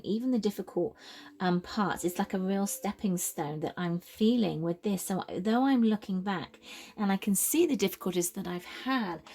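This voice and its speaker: A British woman doing a casual tarot reading, talking in a meandering, musing way with frequent fillers and soft laughs. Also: medium pitch. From United Kingdom. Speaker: tarot reader.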